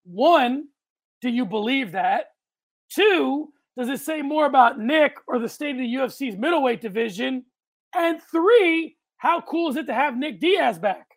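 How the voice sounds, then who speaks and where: Gravelly-voiced man hosting a podcast. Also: extremely high pitch, expressive, measured pace, dry recording. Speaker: podcast host. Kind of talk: casual podcast chat.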